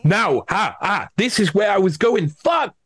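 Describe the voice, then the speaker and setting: A man talking casually as a podcast guest, rambling and animated, with many restarts. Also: high voice, a little slow. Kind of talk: casual conversational chat.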